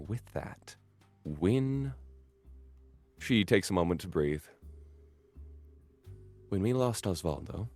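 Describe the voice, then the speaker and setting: A man narrating as game master of a tabletop role-playing game and voicing its characters. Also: low-pitched. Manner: animated, jumps into loud bursts for characters. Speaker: dungeon master.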